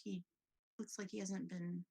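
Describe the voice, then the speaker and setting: Woman, tabletop game player, casual chat, chatty, giggly, halting. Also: fairly low pitch, flat delivery, creaky, dark tone, slightly rough.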